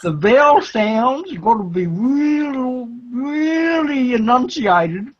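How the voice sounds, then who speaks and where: An Australian man chatting casually on a live stream, with a husky voice and long stretched vowels. He rambles and restarts as he explains things. The audio is dull and lo-fi. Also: very high-pitched, animated. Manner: rambling, drawn-out vowels, laughs often. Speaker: co-host of a Lego stream. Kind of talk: casual chat.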